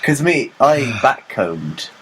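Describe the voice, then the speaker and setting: A man's voice: medium pitch, very animated, takes it slowly, fairly bright tone, a little hiss or hum, low-quality recording. A young man co-hosting a casual podcast, chatty and giggly, swearing now and then and acting out quoted lines. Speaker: podcast co-host. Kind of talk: casual chat.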